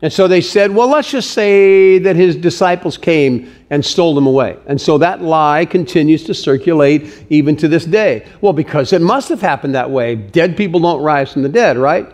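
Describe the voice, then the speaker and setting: Male pastor, sermon, slightly high voice, animated storytelling. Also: normal speed, hardly any pauses. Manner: animated storytelling with acted-out quotes.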